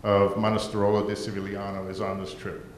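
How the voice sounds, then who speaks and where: A man gives folksy, rambling council meeting remarks as mayor. His voice sits a little low. The echoey chamber carries a faint rumble behind him. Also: completely flat delivery, brisk. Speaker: mayor presenting a proclamation.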